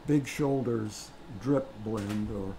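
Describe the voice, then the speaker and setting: A man co-hosts a relaxed coffee tasting, speaking very slowly in a mellow, dark tone. He picks his words haltingly and carefully, with a faint hum of room ambience behind him. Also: on the low side, creaky, low-quality recording. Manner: slow, halting, measured. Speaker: co-host. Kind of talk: casual tasting chat.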